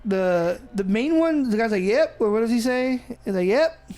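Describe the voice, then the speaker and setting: A woman's voice: on the high side, lively intonation, moderate pace, warm tone. Casual, swearing woman podcast co-host. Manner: swears freely, acts out quoted voices. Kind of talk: casual chat.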